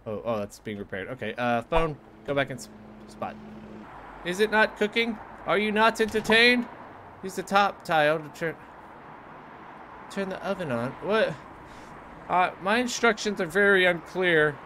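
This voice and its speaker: Lively young man doing frantic game commentary. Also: normal speed, pauses often, slight background noise. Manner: frantic, sarcastic, jumps between mutters and squeaky outbursts. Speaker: gaming youtuber. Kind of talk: casual gameplay commentary.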